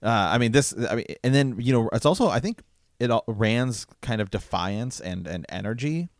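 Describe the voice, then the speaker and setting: A man co-hosting a podcast in casual conversation, reading book passages aloud in a halting way with many fillers. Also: medium pitch, animated, no room sound, clean studio sound. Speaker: podcast co-host.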